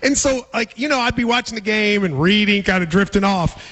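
A man hosting a sports talk radio show, chatting casually, laughing often and tossing out quick asides. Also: high-pitched, fairly bright tone.

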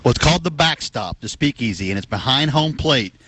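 Man, radio guest, average pitch, easygoing, chatty. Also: lively intonation, brisk, a bit bright, slight background noise. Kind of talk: casual radio chat.

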